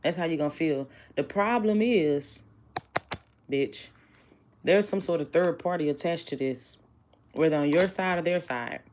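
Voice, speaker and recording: A woman's voice: sits low, measured pace, noisy background. A chatty woman doing a casual tarot reading, blunt and joking with her viewers. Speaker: tarot reader.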